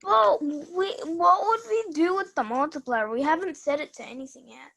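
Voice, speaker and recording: A woman's voice: high voice, expressive, moderate pace, vocal fry, fairly bright tone. A woman student in an online robotics class, answering the teacher's questions in a thoughtful, slightly hesitant way.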